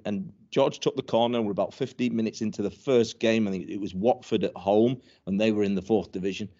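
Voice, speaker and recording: A man's voice: lowish voice, darkish tone. An older man, a former footballer telling stories in a casual interview, stumbling and repeating words as he goes. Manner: rambling, many restarts and repeated words, chuckling. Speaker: former professional footballer guest. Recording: dull lo-fi recording.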